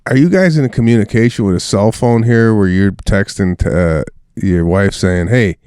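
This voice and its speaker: A man's voice: lowish voice, moderate pace, a little mellow, clear, resonant tone, no room sound, clean studio sound. A middle-aged man co-hosting a podcast, chatting casually in a wry, incredulous way and swearing now and then. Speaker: podcast co-host. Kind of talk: casual chat.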